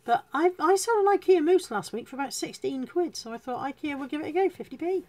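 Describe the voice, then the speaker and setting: Fast and animated, this woman's high, slightly mellow voice fills her live stream as a reseller. She talks casually to viewers, joking at her own expense and saying hello to people along the way.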